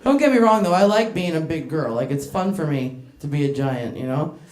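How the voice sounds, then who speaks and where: A woman's voice: deep voice, animated, a little fast, a little mellow. Brash woman doing stand-up. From United States. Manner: brash, crude and self-mocking, laughing through her lines and teasing the audience. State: voice getting hoarse. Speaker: stand-up comedian. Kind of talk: stand-up set with crowd work. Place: comedy club stage. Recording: echoey club room.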